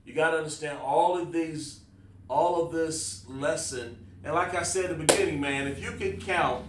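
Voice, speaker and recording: A man's voice: fairly high pitch, normal speed, a little hiss or hum. A man teaching a Hebrew counting class in a casual, informal way, often repeating himself and saying "man". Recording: roomy, distant mic.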